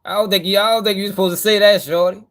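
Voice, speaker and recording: A man's voice: high voice, fairly even intonation, quick pace, a bit bright. A man hosting a gossip news channel, commenting on clips in a laid-back, slangy, amused way.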